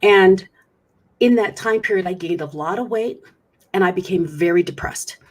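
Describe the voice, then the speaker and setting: A woman's voice: on the low side, normal speed. A middle-aged woman, a guest on an interview show, candidly recounting a personal story with frequent restarts. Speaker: guest speaker.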